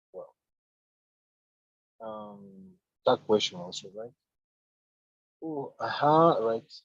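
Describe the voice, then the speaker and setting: A man teaching an online English grammar lesson, explaining step by step with halting restarts. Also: mid-range voice, no room sound. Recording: dull lo-fi dry sound.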